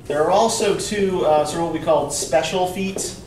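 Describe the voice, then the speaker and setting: A man's voice: sits high, normal speed. A male college English instructor giving a classroom lecture, explaining step by step and checking in with "right?". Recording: echoey classroom from far off, faint noise.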